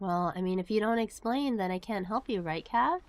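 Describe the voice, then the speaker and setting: A woman's voice: medium pitch, fairly quick. A woman streamer chatting casually with her viewers while playing a game and reading its text aloud. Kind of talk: casual live-stream chat while gaming.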